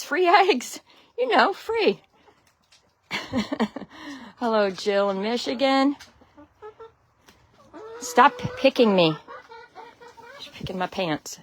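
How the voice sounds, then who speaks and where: A Connecticut woman with a local American accent livestreams from her phone in a snowy outdoor chicken run, her voice medium-pitched and a bit bright, with a little hiss or hum. She chats loosely, greets viewers by name one after another, and laughs often. A friendly, rambling host, she keeps talking as she walks.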